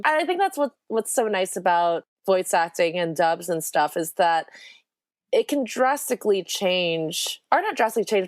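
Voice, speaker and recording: A woman's voice: mid-range voice, no room sound, studio quality. A woman guest on a podcast, chatting casually and enthusiastically, rambling and often laughing. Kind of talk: casual chat.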